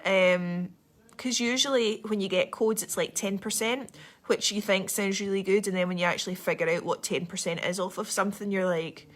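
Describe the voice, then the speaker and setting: Fast-talking Scottish woman, chatty. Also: medium pitch, steady tone. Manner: fast, chatty, rambling with many ums. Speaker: livestream host. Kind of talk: casual livestream chat.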